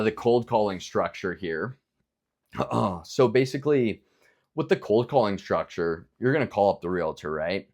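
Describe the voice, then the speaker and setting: Low-voiced young man coaching casually. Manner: rambling, filler-heavy, acts out both sides of sales calls. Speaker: business coach. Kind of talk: casual instructional talk.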